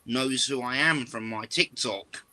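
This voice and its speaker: A man's voice: medium pitch, unhurried, a loud crowd. A man chatting on a livestream, repeating openings as he tells a story. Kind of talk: casual chat.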